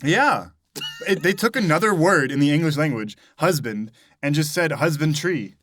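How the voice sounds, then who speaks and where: A man's voice: a little high, expressive, moderate pace, fairly bright tone, slight background noise. A young man from the United States co-hosting a comedy podcast, joking and mock-outraged. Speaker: co-host. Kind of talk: improvised comedy podcast chat.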